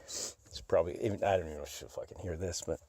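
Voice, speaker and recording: A man's voice: deep voice, rapid-fire, mellow, no room sound. A man hosting a solo podcast, rambling and mumbling with a lot of swearing. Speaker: podcast host. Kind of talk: casual solo podcast chat.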